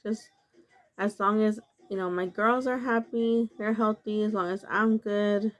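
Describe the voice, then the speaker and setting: A woman vlogger talks slowly and unhurriedly, sharing a personal story to her viewers. She sounds earnest and confessional, speaking in a loose, casual way full of filler words. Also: medium pitch, fairly even intonation.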